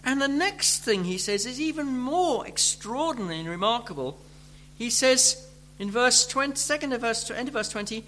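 A man preaching a sermon, building from gentle explanation to fervent, pleading emphasis. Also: very high voice, lively intonation, normal speed, a little hiss or hum.

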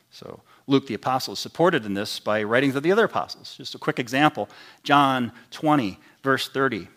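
A man's voice: mid-range voice, animated, a little fast, fairly bright tone. A man preaching a sermon in an earnest, emphatic way, his intensity rising and falling as he teaches. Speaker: pastor.

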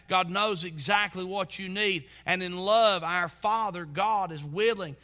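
A man preaching a sermon in a church as pastor, earnest and building to fervent emphasis, then dropping to soft asides. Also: high-pitched.

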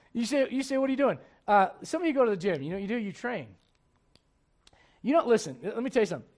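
A man preaching a sermon in church, animated and digressive, with frequent asides to the congregation. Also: sits high, brisk, pauses often. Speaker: pastor. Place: church sanctuary.

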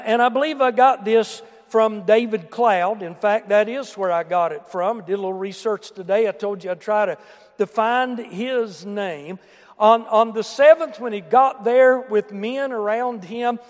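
Fervent high-voiced preacher. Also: male voice, long reverb tail. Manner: fervent, emphatic, swings from soft asides to shouted emphasis. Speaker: pastor. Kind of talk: sermon. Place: church sanctuary.

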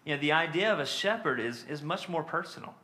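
A man's voice: a little high, lively intonation, fast talker, sharp tone. A man preaching a sermon in a conversational teaching manner, with frequent fillers and tag questions.

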